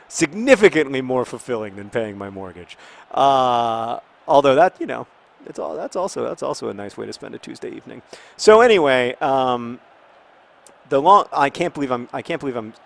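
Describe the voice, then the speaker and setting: Thirtysomething guy rambling about stuff while playing a soccer game, lots of ums and restarts, yells at the screen sometimes. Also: medium pitch. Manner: rambling, many restarts, bursts of excited outcries at the game. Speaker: video blogger playing a football video game. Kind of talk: casual gameplay talk while discussing a topic.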